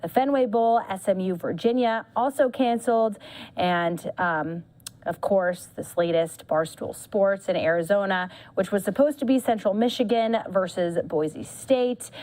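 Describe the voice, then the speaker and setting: A woman anchors a live news stream in a loose, chatty way. She fills her pauses with small hesitations rather than reading stiffly. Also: mid-range voice, darkish tone, poor audio. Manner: chatty, with many fillers. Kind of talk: casual live news presenting.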